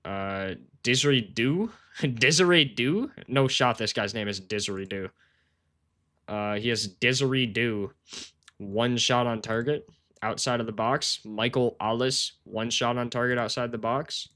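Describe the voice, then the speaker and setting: A man's voice: mid-range voice, steady tone, unhurried, fairly bright tone. A man live-streaming sports betting research, chatting casually with his viewers in a rambling, slangy, self-deprecating way. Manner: rambling, slangy, talks to chat, says "bro" a lot; self-deprecating, laughs often.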